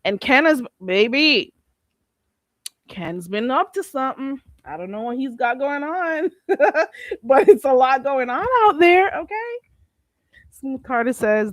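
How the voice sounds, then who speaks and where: A woman hosting a casual livestream, animated, laughing often and greeting chatters on a close mic. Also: sits high, no room sound. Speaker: livestream host.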